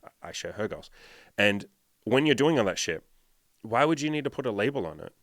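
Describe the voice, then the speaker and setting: A man's voice: lowish voice, very animated, a little fast, dry recording, studio quality. A man who is a dating coach, talking bluntly and emphatically in a casual podcast monologue, swearing often. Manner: blunt, heavily profane, emphatic.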